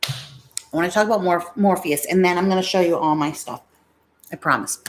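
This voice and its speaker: On her casual YouTube live stream, a middle-aged New Yorker talks into an ASMR microphone with a fairly low voice at a slightly fast pace. She's blunt and rambling, drifting into tangents and using many fillers.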